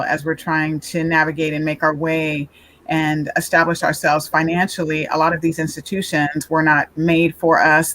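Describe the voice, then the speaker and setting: Steady, reflective woman panelist. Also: low-pitched. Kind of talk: panel discussion.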